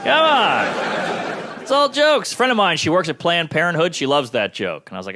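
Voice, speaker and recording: Male stand-up comic, slightly high and very animated voice, deadpan punchlines, noisy live club recording. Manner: quick deadpan punchlines, voicing characters. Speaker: stand-up comedian. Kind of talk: stand-up comedy set.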